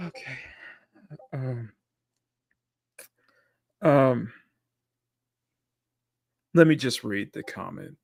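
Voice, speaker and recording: A man hosting a casual live-stream chat, talking in a halting way with frequent restarts as he gathers his thoughts. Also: mid-range voice, lively intonation, creaky, husky, dry recording, studio quality. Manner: halting, restarts often, stalls while collecting his thoughts. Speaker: livestream host.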